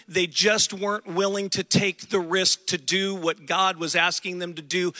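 A man preaching a sermon, delivering it emphatically with slowed, dramatic stretches and acted-out quotes. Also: high-pitched, pushed and bright, no room sound. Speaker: pastor.

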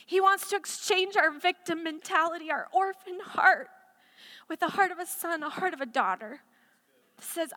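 A woman's voice: very high-pitched, moderate pace, sharp tone. A woman preaching a sermon in an impassioned way, building to emphatic declarations, in a church sanctuary. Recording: echoey hall reverb.

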